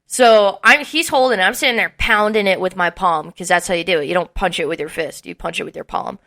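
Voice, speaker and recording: With a lowish voice and a quick pace, this young podcast co-host spins a long party story in casual conversation. She's animated, swears without restraint, and performs other people's quotes as she goes.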